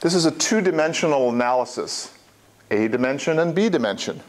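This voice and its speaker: A man's voice: a little high, expressive, a little fast. A man teaching a college statistics class, explaining plainly, repeating key points and adding small asides. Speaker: statistics instructor. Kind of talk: classroom lecture.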